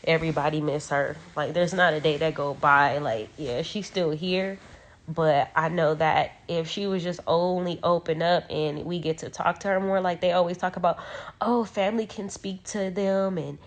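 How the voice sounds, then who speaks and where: A young woman on a phone livestream in a dark room at home, talking about her sister in a rambling, emotional way with many fillers. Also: sits low, fairly even intonation, moderate pace. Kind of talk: casual livestream talk.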